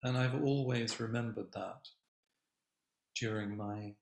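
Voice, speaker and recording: An older man giving a Zen dharma talk as a teacher, speaking gently and reflectively with long pauses. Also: on the low side, fairly even intonation, creaky. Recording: echoey room.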